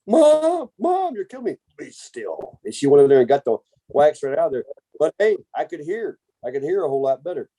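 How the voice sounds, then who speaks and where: Mellow-voiced rambling podcast man. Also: fairly high pitch. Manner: rambling, self-interrupting, jokey. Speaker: podcast co-host. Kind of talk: casual family storytelling chat.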